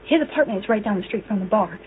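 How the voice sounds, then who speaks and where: A woman's voice: mid-range voice, expressive, fast, background noise. A woman casually telling a story to viewers, chatty and full of fillers. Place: small town. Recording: tinny phone-like audio, dry.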